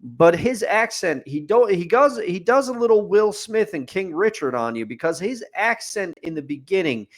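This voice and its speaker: A man's voice: high voice, expressive, moderate pace, few pauses. A man co-hosting a podcast, giving an opinionated, rambling movie review in casual chat with fillers and restarts. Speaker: podcast co-host. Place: studio.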